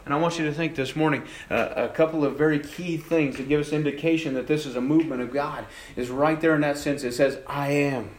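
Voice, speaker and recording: A male pastor preaching a sermon in a church, swinging between hushed and raised passages and slowing down for emphasis. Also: a little high, steady tone. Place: church sanctuary. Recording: echoey church room.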